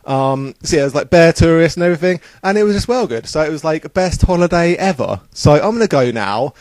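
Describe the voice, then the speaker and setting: A young man recounts a trip for a casual travel vlog, rambling and upbeat with plenty of fillers. His voice is a little high and animated, with a darkish tone and a brisk pace. There's no echo.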